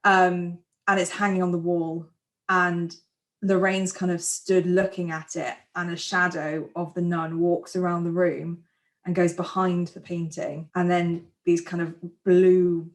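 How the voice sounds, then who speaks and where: A woman's voice: fairly low pitch, little pitch movement, a little slow. A woman, chatting enthusiastically as a co-host of a film review podcast. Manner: enthusiastic, chatty, self-deprecating. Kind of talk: casual film review chat.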